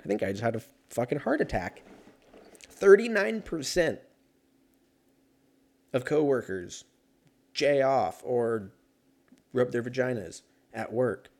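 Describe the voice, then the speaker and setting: A man's voice: medium pitch, very animated, unhurried, long pauses, darkish tone. Rambling, profane man chatting solo. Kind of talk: casual solo chat.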